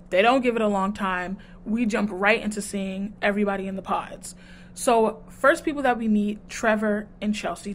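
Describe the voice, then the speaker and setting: A woman vlogger casually recapping a dating show, sassy and animated, acting out quotes in her retelling. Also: mid-range voice, slight background noise. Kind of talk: casual chat.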